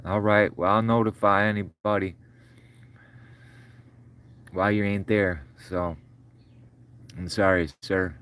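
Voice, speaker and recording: A middle-aged man with a low-pitched voice chats with his livestream viewers in a loose, folksy ramble, calling them brother and sir. His voice keeps catching as though he's choked up. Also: steady tone, takes it slowly, long pauses, fairly bright tone, clear, resonant tone. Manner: choked up, voice breaking. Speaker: livestream host. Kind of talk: casual livestream chat.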